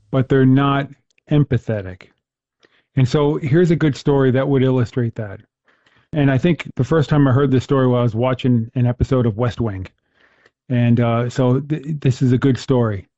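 A man's voice: mid-range voice, moderate pace, warm tone, no echo, lo-fi sound. A man hosting a casual conversation about faith, talking earnestly and telling stories, often restarting his sentences. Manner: earnest, storytelling, with frequent restarts. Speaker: host.

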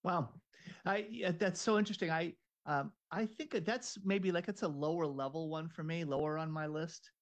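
An earnest man with a somewhat high voice talks things through, feeling his way and restarting his sentences as he goes. He sounds engaged and thoughtful. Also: normal speed. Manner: earnest, searching, restarts often. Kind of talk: casual conversation.

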